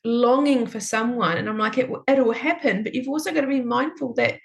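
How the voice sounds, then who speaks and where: A woman's voice: on the high side, fairly quick, vocal fry. Reflective woman podcast host. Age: 40s. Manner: reflective, affirming, thinks aloud with restarts. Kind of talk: conversational interview.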